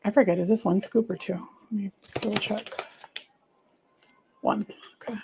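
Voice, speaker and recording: A woman's voice: medium pitch, steady tone, moderate pace, vocal fry, background noise. A middle-aged woman chatting casually on a home livestream, rambling and talking to viewers by name while she makes coffee. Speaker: livestream host.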